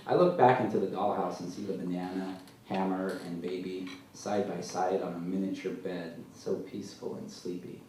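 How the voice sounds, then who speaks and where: A man as an author at a live literary reading, telling his story in a dry, deadpan way, recorded from far off in a large hall. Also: low voice, normal speed. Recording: echoey hall, mic far off, faint noise.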